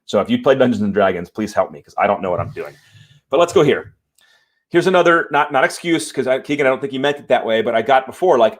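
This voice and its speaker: A man's voice: medium pitch, lively intonation, quick pace. A man hosting a live show from home, talking to viewers in a fired-up, emphatic way and apologizing after swearing. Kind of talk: live-stream talk to viewers. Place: home room.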